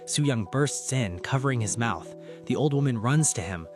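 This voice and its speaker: A man narrating a comic story recap in steady scripted storytelling. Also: mid-range voice, moderate pace, faint music behind.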